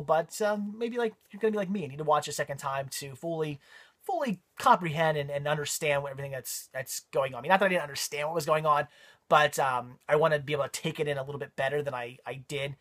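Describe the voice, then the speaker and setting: A man's voice: a little high, a bit bright. A man giving a casual spoken movie review, rambling with frequent ums and repeated words.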